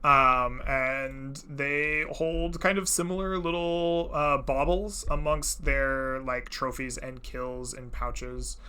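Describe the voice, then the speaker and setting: A man narrating a tabletop game as game master, casual and lively, with plenty of "uh" and easy laughter. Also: medium pitch, takes it slowly, hardly any pauses, clean tone.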